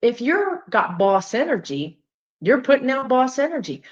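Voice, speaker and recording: A woman with a Southern US accent, a spiritual teacher talking casually and emphatically to her viewers, with lively asides. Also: high voice, moderate pace, dull audio. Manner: animated, emphatic, chatty with frequent asides. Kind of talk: casual direct-to-viewer talk.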